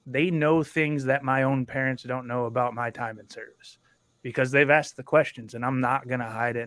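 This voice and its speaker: A man's voice: medium pitch, a bit bright, no echo. A man in his thirties, a veteran and father, talking candidly and bluntly on a livestream panel and swearing freely. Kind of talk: casual livestream panel talk.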